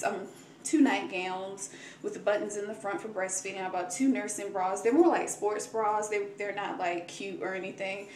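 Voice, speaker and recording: A woman's voice: medium pitch, slight background noise. A young woman chatting candidly to her camera at home in a pregnancy update vlog. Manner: chatty and candid, grateful, emotional at times. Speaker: vlogger. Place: room at home. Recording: roomy, distant home camera recording with faint ambience.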